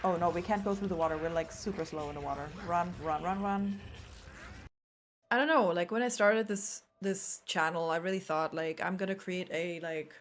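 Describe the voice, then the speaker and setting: A woman's voice: on the low side, normal speed, a little hiss or hum. A young woman with an accent gives casual, playful live-stream commentary on a horror game. She swears a lot and scolds the characters on screen, talking from a room at home. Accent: non-native.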